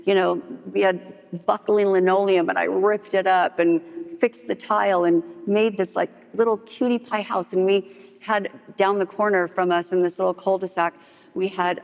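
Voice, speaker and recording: Middle-aged woman, gravelly, lively storyteller at a meeting, hall reverb. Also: fairly low pitch. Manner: animated storytelling, acts out quotes. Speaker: speaker at a recovery meeting. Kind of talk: personal story told to a group.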